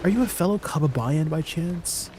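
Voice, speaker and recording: A man's voice: fairly high pitch, lively intonation, normal speed, a little mellow, a little hiss or hum. A young man from Canada with a Canadian accent, chatting casually and playfully with his viewers during a live gaming stream, asking them questions. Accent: Canadian English.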